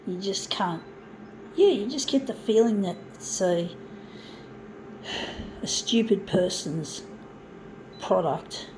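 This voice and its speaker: Middle-aged lady ranting bluntly, swears a lot, talks real slow, copier whirring faintly behind. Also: mid-range voice, lively intonation, a little mellow, poor audio. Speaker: vlogger. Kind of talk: casual chat while photocopying. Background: mechanical noise from a photocopier.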